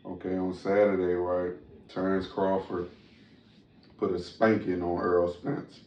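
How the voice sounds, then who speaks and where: A man's voice: low voice, little pitch movement, unhurried, a little hiss or hum. A man hosting a podcast in loose casual chat, talking with frequent fillers and restarts. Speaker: podcast host. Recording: roomy, distant, dull sound.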